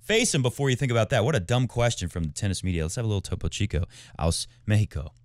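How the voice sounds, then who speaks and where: A man's voice: fairly low pitch, expressive, rapid-fire, no echo, studio quality. A man hosting a tennis podcast and working as a tennis coach, talking in a chatty, rambling way that jumps between tangents. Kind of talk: casual tennis commentary.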